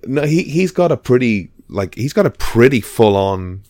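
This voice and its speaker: A podcast host chats casually in a very animated, mid-range, slightly mellow voice at a moderate pace, rambling and hesitating with lots of fillers. The recording is dry and studio quality.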